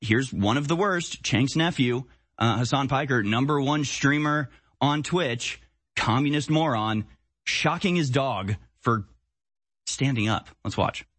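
A man's voice: medium pitch, a little slow, fairly bright tone, husky, dry recording. A man hosting a live-stream political commentary show, talking bluntly and heatedly in a casual way.

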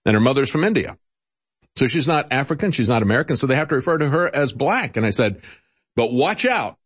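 A man's voice: mid-range voice, expressive, quick pace, fairly bright tone, breathy edge. A man hosting political commentary, talking in a sarcastic, mocking way with chuckles and many "uh" fillers. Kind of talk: opinionated radio-style commentary.

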